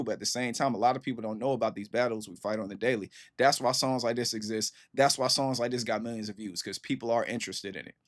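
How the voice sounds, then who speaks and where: A man, chatting loosely as a reaction host with lots of fillers. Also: mid-range voice. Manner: loose, rambling, heavy on fillers like "you know what I'm saying". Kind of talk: casual commentary on a song.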